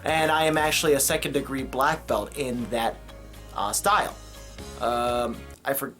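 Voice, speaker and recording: A young man from Chicago rambles through a casual vlog in a mid-pitched voice. He talks in a jokey, self-mocking way, with plenty of fillers and quick asides. Soft music plays in the background. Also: fairly even intonation. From Chicago, United States. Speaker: vlogger.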